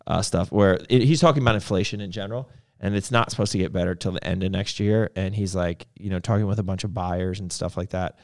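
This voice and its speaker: On a laid-back live show, a male co-host spins long stories stuffed with fillers. His voice sits low, and he talks fast.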